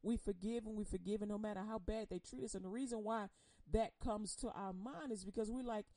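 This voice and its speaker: A woman giving an impassioned personal testimony on air. She speaks emotionally and bluntly, swinging between loud outbursts and hushed confession. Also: mid-range voice, a little fast, no room sound, poor audio. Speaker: churchgoer sharing a personal testimony.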